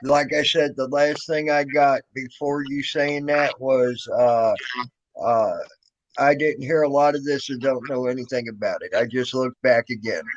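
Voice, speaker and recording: A man chats casually with callers on a talk show, pausing and hedging with fillers as he goes. His voice sits at a middle pitch and comes through a dull, lo-fi feed. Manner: relaxed, hesitant, filler-heavy. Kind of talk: casual call-in radio chat. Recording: dull lo-fi audio.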